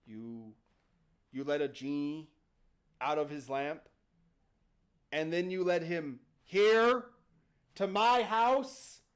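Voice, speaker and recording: A man voicing a cruel, violent father who snarls and yells abuse. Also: on the high side, slow pace, long pauses, clear, resonant tone. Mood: furious. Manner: snarling, yelling, abusive.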